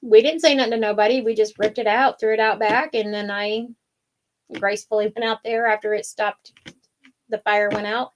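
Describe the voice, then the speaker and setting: Speaking at a normal speed in a steady, mid-range voice, this wreath-making show co-host tells a long, wandering story packed with fillers. The conversation is casual chat.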